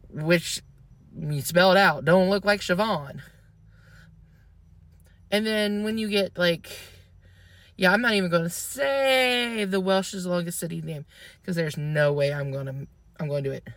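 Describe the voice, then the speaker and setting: A woman's voice: on the low side, animated, normal speed, a bit bright, no room sound. Chatty woman with a dry close sound. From American South. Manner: chatty, opinionated and playful. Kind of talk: casual chat.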